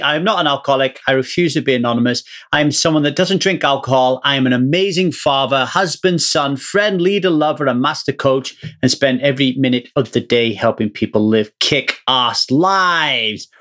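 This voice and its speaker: A man's voice: on the high side, expressive, moderate pace, hardly any pauses, fairly bright tone. A middle-aged man from the United Kingdom hosting his own podcast, talking casually and emphatically, with lots of fillers and restarts. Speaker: podcast host and coach. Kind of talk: casual solo podcast monologue.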